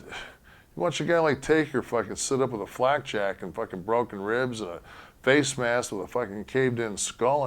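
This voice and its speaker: A man telling stories as an interview guest, blunt and swearing freely. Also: medium pitch. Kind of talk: casual storytelling interview.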